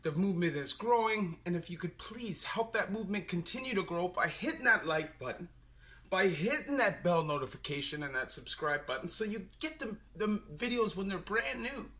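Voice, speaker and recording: Young Canadian man, Canadian accent, bright slightly high voice, casual streetwise vlogger. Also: animated, moderate pace. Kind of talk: casual explainer monologue.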